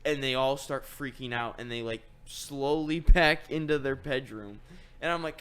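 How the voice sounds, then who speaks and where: A young man telling stories in a casual podcast chat, middle-pitched and easygoing. He rambles with plenty of "like" and "whatever", and his voice rises when he gets to the annoying part. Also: moderate pace, fairly bright tone, clear, resonant tone. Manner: rambling storyteller, voice rises when retelling his own frustration. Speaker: podcast host.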